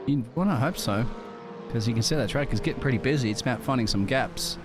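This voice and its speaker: A man's voice: medium pitch, quick pace, music in the background. A man doing live sim racing commentary in a conversational way, talking directly to viewers.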